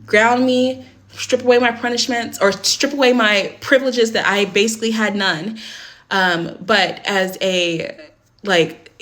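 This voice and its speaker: A young woman recounts a personal story straight to camera in casual storytime fashion. Her voice sits at a middle pitch, and she is blunt and swears freely. She rushes her words and gets animated whenever the story upsets her.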